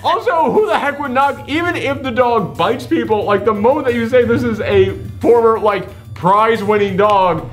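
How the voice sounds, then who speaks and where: Higher-voiced man ranting about a movie. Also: normal speed, few pauses, faint music behind. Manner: animated, swears freely, sarcastic. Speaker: host. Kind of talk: casual movie reaction chat.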